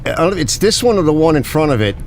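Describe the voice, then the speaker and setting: Animated man ranting on a live stream. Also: fast, slight background noise. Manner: animated, swings from muttering low to shouting high; chatty, addresses viewers as fellas. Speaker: host of a garage live stream. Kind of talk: casual live-stream rant.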